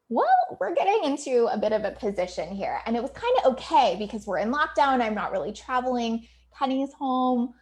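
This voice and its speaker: Chatty woman coach, laughing and candid. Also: mid-range voice. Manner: candid and chatty, swears freely, laughs often; filler-heavy with many likes and ums. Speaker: business coach. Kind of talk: casual livestream talk to her community.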